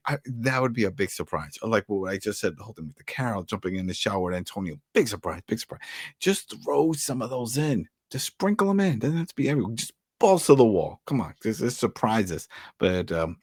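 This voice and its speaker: Brooklyn man, low and very lively, animated podcast co-host, dry close sound. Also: a little fast, breathy edge, no room sound. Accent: New York (Brooklyn). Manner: animated, acts out quotes in shifted voices. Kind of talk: casual podcast chat.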